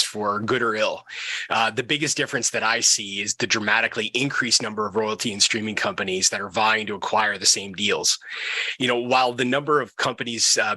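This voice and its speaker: A man's voice: lowish voice, pushed and bright, dry recording. A man hosting an interview, asking questions in a friendly, affirming way with some hesitant fillers. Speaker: guest host, interviewer. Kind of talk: conversational interview.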